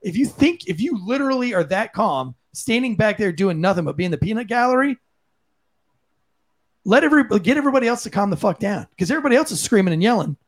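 Male podcast co-host, ex-cop, blunt profane rant, high-pitched voice. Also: big pitch swings, quick pace. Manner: blunt, profane, impassioned ranting. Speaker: podcast co-host, former police officer. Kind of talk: heated opinion commentary.

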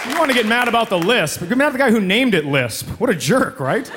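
Quick-paced and very animated, a high-voiced comic in his thirties works a club crowd with sarcastic material, slipping into mocking impressions. The live recording catches the audience's laughter and noise.

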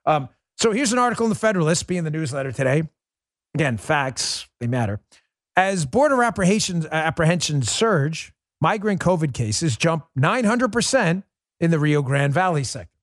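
A man's voice: a little high, big pitch swings, moderate pace, no echo, clean studio sound. A man hosting a political commentary podcast. He talks in an emphatic, sarcastic way, with rambling asides. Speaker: podcast host. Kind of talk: conservative political commentary with host-read ad.

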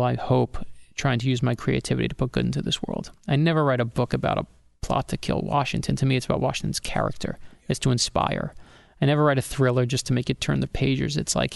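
A middle-aged man, an author being interviewed on a podcast, telling a personal story with animated energy and acting out the people he quotes. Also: medium pitch, gravelly, no room sound. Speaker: author guest.

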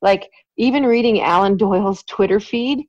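A Canadian woman with a Western Canadian accent, hosting a podcast in casual, animated chat. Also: medium pitch, normal speed, no echo, highs cut off. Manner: animated, laughing, chatty. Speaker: podcast host.

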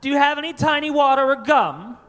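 A man's voice: extremely high pitch, animated, a little fast, a bit bright, big-room sound, voice pushed up. A man voicing a spoiled rich boy, whiny and petulant, making demands. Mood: bratty demanding. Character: spoiled rich boy whining to his father.

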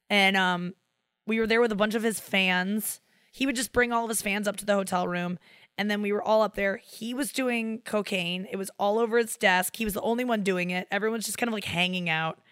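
A woman's voice: mid-range voice, clear, resonant tone, no room sound, studio quality. A woman in her thirties, a comedian, chatting casually on a podcast and acting out the people she quotes. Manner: animated storyteller who acts out quoted voices. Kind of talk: casual chat.

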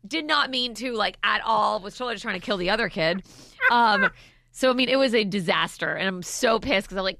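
A woman in her thirties co-hosting a podcast, telling a story in lively casual chat, acting out quotes and swearing. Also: mid-range voice, fairly quick, creaky, dry recording. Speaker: podcast co-host.

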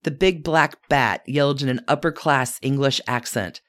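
A woman's voice: a bass voice, moderate pace, fairly bright tone. A woman podcast host giving scripted narration, telling a life story as a letter addressed to its subject as "you".

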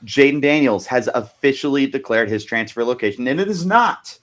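A man hosting a sports podcast in easy, chatty banter. He talks in a playful, teasing way, with a voice of ordinary middle pitch. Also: animated, brisk, fairly bright tone. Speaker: podcast host. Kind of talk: casual sports podcast chat.

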